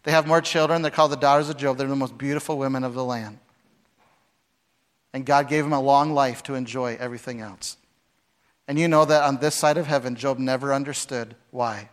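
A man preaching a sermon, with dramatic swings between loud, acted-out lines and hushed, quiet passages. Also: mid-range voice, steady tone, fairly quick. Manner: dramatic, acts out voices with big swings from shouting to hushed. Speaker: pastor.

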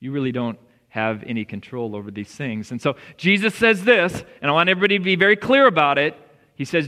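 Pastor, male, bright high voice, earnest conversational preaching, big church reverb. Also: expressive, fast talker. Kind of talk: sermon. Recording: long reverb of a church hall.

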